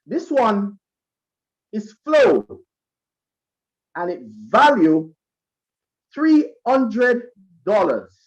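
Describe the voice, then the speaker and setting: A man with a Jamaican accent, emceeing a school concert and speaking to students as a lively storyteller who acts out the voices he quotes. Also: sits high, extremely slow, pauses often, highs cut off.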